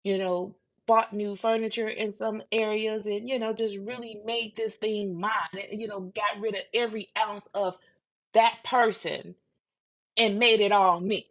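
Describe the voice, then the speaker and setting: Blunt fifty-something woman venting on her podcast, goes quiet then loud. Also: a little slow. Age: 50s. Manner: blunt and animated, swings from low murmurs to loud outbursts. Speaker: podcast host. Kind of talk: casual monologue.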